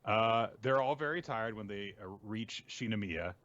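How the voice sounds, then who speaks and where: A man hosting a casual podcast, recapping comics with a relaxed, chatty manner, lots of fillers and laughs. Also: on the low side, moderate pace, dull audio. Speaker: podcast host. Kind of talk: casual chat recapping manga.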